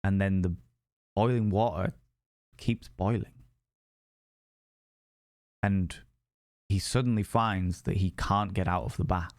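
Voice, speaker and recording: A man's voice: low-pitched, steady tone, slow pace, long pauses, a little mellow, no echo, clean studio sound. A man telling a ghost story on a live stream, sweary and rambling.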